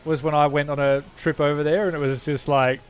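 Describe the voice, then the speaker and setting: A man's voice: a little high, level tone, a little fast. A young Australian man chatting casually with viewers while streaming a game, rambling and correcting himself as he goes. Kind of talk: casual gaming chat.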